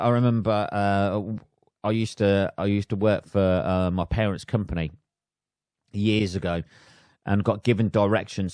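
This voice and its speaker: A man's voice: on the low side, dry recording, studio quality. A man hosting a solo comedy podcast, ranting and swearing with frequent laughs and mock impressions. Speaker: podcast host.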